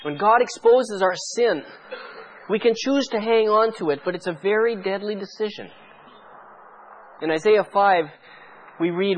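A pastor preaching a sermon with fervent, pleading intensity, firing off rhetorical questions at the congregation. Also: male voice, high voice, unhurried, pauses often, low-quality recording.

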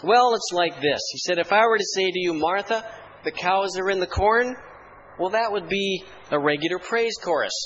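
High-voiced pastor telling church jokes. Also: male voice, moderate pace, a bit bright, highs cut off, a little hiss or hum. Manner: dry storytelling humor, mock-solemn archaic hymn recitation. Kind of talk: sermon with humorous anecdotes.

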